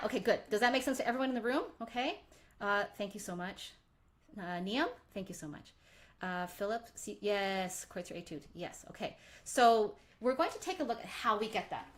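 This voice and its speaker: Lively woman teaching violin bowing. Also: a little high. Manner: animated, demonstrative, sings out bow strokes. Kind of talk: live online workshop lesson.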